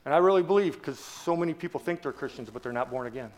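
A guest preacher in his sixties races through an evangelistic sermon with few pauses, his voice on the high side and lively in intonation. He jokes with the congregation and quizzes them with rhetorical questions.

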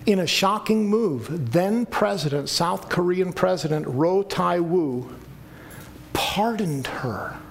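A man's voice: high voice, a little slow, gravelly, hardly any pauses, a little hiss or hum. A man preaching a sermon to a congregation, earnest and pleading at times. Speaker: pastor.

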